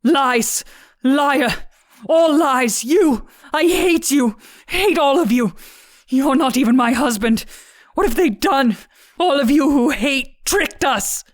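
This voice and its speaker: A woman's voice: sits high, animated, slow pace, no room sound, voice pushed up. A woman voicing a hysterical, raging middle-aged mother who shrieks and screams accusations in an audiobook. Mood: screaming rage. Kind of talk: audiobook character voice.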